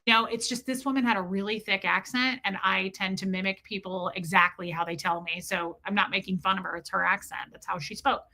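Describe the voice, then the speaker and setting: A woman telling a story on a casual livestream, chatty and animated, who breaks off to greet her chat and says "like" constantly. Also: mid-range voice, brisk, few pauses. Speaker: streamer and parent.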